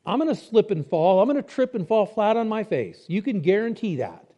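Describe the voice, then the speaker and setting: A man's voice: high voice, big pitch swings, fairly quick, warm tone, highs cut off. A man preaching a sermon in a conversational way, explaining step by step and asking his listeners rhetorical questions.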